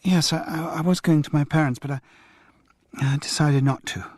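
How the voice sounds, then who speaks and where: A man voicing a sleepy, guarded young woman answering the phone, replying in halting, wary bursts. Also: sits low, darkish tone, no room sound, clean studio sound, voice pushed up.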